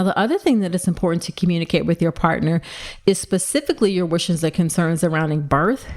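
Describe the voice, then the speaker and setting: A woman obstetrician hosting a solo podcast, talking fast and excitedly as she gives advice to listeners. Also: fairly low pitch. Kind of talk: solo educational podcast talk.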